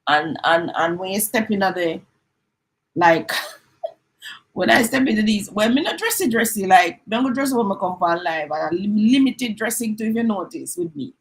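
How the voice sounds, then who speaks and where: A middle-aged woman with a Jamaican accent talks casually on a live stream. She acts out quick exchanges and drifts between standard English and patois. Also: mid-range voice, lively intonation, low-quality recording. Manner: chatty, mixes in patois, acts out little dialogues.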